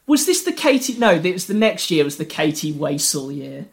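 A man's voice: fairly high pitch, big pitch swings, normal speed, vocal fry. A young man co-hosting a podcast, chatting casually and joking at his own expense. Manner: wry, joking, self-deprecating. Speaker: podcast co-host. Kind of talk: casual chat.

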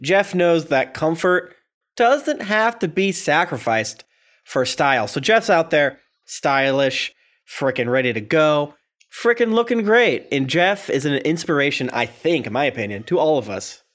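A man's voice: on the high side, big pitch swings, measured pace, a bit bright. A man co-hosting a casual podcast, riffing playfully with giggles and swearing. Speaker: podcast co-host.

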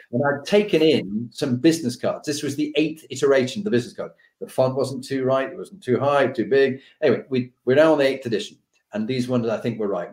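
In a roomy-sounding recording, a storyteller with a mid-range male voice recalls his time in the army. He performs each character's lines in a different voice and keeps laughing as the tale unfolds.

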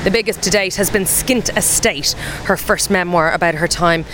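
A woman's voice: fairly low pitch, normal speed, noisy background. A woman hosting an interview podcast, chatty and enthusiastic. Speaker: podcast host.

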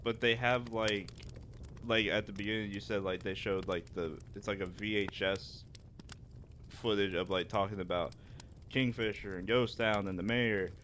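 A man's voice: lowish voice, steady tone, normal speed, a bit bright, a little hiss or hum. A man co-hosting a podcast, rambling with restarts and crude jokes in casual chat. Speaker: podcast co-host.

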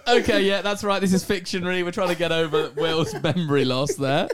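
A man's voice: high-pitched, steady tone, fairly quick, slight background noise. A man co-hosting a casual podcast chat, with dry, teasing humor, speaking into a handheld mic while on his bed at home. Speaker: podcast co-host.

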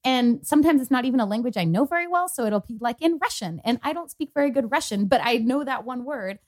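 A woman's voice: fairly high pitch, expressive, fast talker, a little mellow. A young adult woman co-hosting a podcast, telling a personal story in casual chat, quoting others with lots of fillers. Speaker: podcast co-host.

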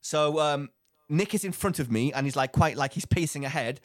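A young man telling a story in a casual podcast chat, with animated, rambling delivery that circles back and repeats phrases. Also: on the high side, normal speed, no echo, clean studio sound. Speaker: podcast co-host.

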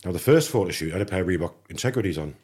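Man from England, deep voice, husky, casual storytelling, acts out lines. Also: very fast. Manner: animated anecdote teller, acts out dialogue. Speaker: podcast guest.

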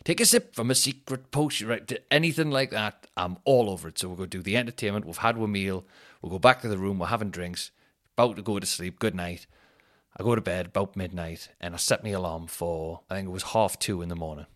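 A man's voice: sits low, a little fast, fairly bright tone. A man hosting a podcast, telling rambling, jokey stories full of fillers and restarts. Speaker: podcast host. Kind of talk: casual storytelling.

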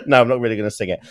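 A man co-hosting a podcast, teasing his friend and breaking into giggles and swearing. His pitch swings widely as he talks, and his tone is bright and forceful. The sound is dry and close to the mic. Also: dry recording. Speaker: podcast co-host. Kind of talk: casual chat.

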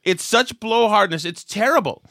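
A man's voice: high-pitched, expressive, normal speed, pushed and bright, dry recording, clean studio sound. A man hosting a political talk show, ranting with sarcastic exasperation. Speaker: host.

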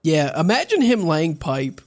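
A man's voice: fairly high pitch, very animated, measured pace, a little mellow. A man co-hosting a podcast who riffs with crude jokes in casual chat. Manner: crude, jokey riffing. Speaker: podcast co-host.

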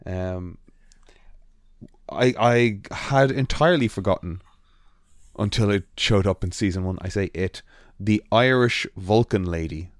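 A man's voice: on the low side, a little slow, no room sound, studio quality. A man co-hosting a podcast in casual chat, rambling with frequent ums and restarts. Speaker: podcast co-host.

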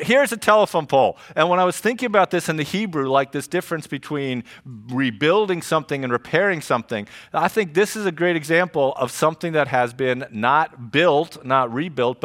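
Animated middle-aged pastor, slightly high voice. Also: male voice. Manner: animated, joking, conversational preaching. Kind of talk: sermon. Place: church service before a congregation.

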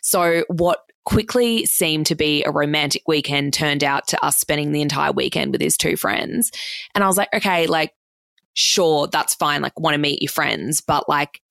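A woman's voice: sits low, steady tone, moderate pace, creaky, fairly bright tone, dry recording. A young Australian woman casually telling a dating story, chatty and swearing freely, full of "like" and acted-out quotes.

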